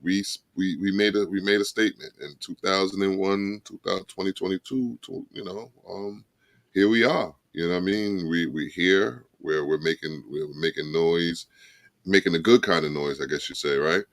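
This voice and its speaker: A man's voice: sits low, moderate pace, fairly bright tone, no echo. A man co-hosting a podcast in a casual, reflective and somber way, often repeating his phrases. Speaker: podcast co-host.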